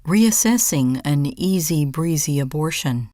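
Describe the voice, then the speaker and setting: A woman reading short, measured scripted narration lines for a documentary interview. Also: low-pitched, lively intonation, mellow, no echo, clean studio sound.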